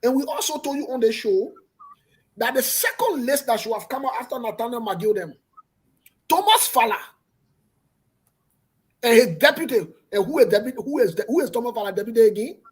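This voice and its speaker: A man's voice: very high voice, expressive, fairly quick, pauses often, breathy edge. A man hosting a political talk show, speaking emphatically and repeating himself for effect. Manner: emphatic, repetitive, pointed.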